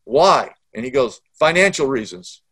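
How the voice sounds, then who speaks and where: A man's voice: medium pitch, animated, unhurried, a bit bright. A middle-aged man, a pastor telling a story in an interview and acting out the dialogue.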